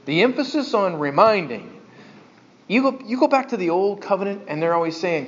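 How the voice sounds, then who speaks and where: A male pastor delivering a sermon with lively, animated preaching. His voice sits fairly high for a man and keeps jumping into little acted-out voices and rhetorical questions. The recording is a bit muffled and dull. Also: moderate pace.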